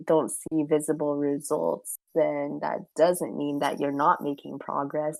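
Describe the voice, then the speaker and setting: Low-voiced woman giving calm advice. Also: measured pace, creaky, dry recording, rough recording. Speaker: podcast co-host. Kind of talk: casual podcast chat.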